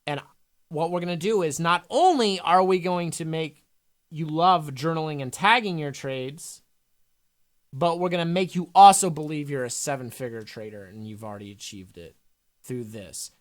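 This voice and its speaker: A man's voice: fairly high pitch, moderate pace. A young adult man coaching a trader live, talking bluntly and emphatically with frequent swearing. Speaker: trading coach.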